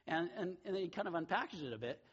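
A man preaching to a congregation in a husky, slightly breathy voice that swings widely up and down as he tells a story. The sound is dull and lo-fi, like a modest church recording. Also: high-pitched, racing. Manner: storytelling with lively voiced asides. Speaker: pastor. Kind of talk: sermon. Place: church sanctuary.

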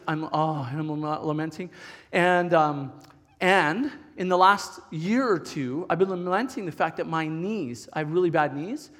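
Preaching a storytelling sermon, a middle-aged man with a strikingly high voice chats animatedly and keeps starting his sentences over. His words echo with long reverb, like they're filling a church hall.

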